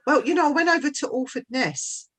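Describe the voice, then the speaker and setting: A woman guest telling stories in a casual chat, chatty and quick to laugh. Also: sits high, expressive, a bit bright.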